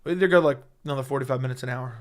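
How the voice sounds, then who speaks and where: A young man hosting a casual fight-talk livestream, excitable and rambling, swearing often, with a voice he says is going hoarse. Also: mid-range voice, racing. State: losing his voice. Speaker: MMA livestream host. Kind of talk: casual livestream chat reading chat.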